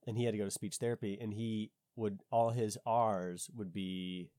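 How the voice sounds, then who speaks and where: A man talking casually with a low, mellow, darkish voice. He questions things skeptically and thinks out loud, restarting his sentences. The sound is dry and close. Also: fairly even intonation, moderate pace, no room sound. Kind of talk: casual conversation.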